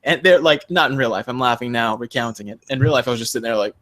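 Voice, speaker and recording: A young man co-hosting a casual podcast, telling a story with lots of animation. When he quotes people, his pitch jumps sharply and he acts them out. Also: quick pace, a bit bright. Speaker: podcast co-host.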